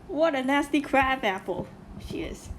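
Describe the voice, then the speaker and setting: High pitched woman doing a reaction vid, cussing a lot, lots of likes and you knows, quiet hiss behind. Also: expressive, a little slow. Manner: indignant, swears a lot, many fillers. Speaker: reaction video host. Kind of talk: casual reaction commentary.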